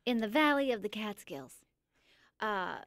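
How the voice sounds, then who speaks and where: A woman's voice: medium pitch, big pitch swings, measured pace, a bit bright, no echo. A woman from upstate New York, a podcast guest describing where she grew up in an enthusiastic, descriptive way. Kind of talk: conversational interview answer.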